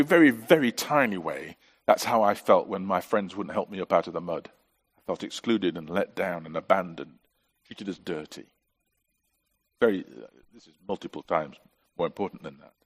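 A man's voice: on the low side, slightly rough. A middle-aged man preaching a sermon as pastor, earnest and full of rhetorical questions.

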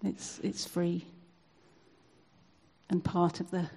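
Soft husky woman praying. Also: lowish voice, flat delivery, poor audio. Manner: soft, hesitant, halting with fillers. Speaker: church member leading prayer. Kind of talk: spontaneous prayer and sharing.

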